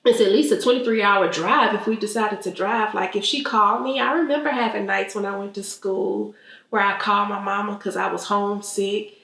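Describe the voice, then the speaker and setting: A woman's voice: mid-range voice, fairly even intonation, brisk, vocal fry, fairly bright tone. A woman in her thirties from Texas who tells a story animatedly and laughs often. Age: 30s. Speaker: vlogger host. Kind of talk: casual storytelling chat. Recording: echoey room.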